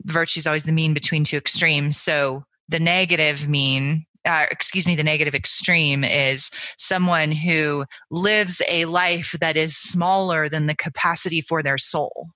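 A woman's voice: low voice, sharp tone, no echo. A woman co-hosting a book podcast, giving thoughtful, analytical readings and building long arguments. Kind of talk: casual literary discussion.

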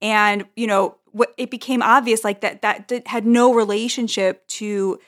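A woman's voice: fairly high pitch, steady tone, moderate pace, a bit bright. A woman being interviewed, talking earnestly and building her argument step by step. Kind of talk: casual conversational interview.

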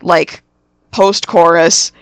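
A woman's voice: fairly low pitch, steady tone, drawn-out words, clear, resonant tone, dry recording. A woman guest on a casual music podcast, blunt and casually swearing.

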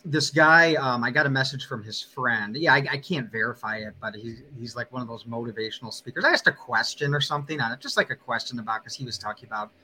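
A man's voice: medium pitch, fast talker, hardly any pauses, pushed and bright. A man who used to teach history, a guest in a casual interview, speaking in a joking, fired-up, plain-spoken way.

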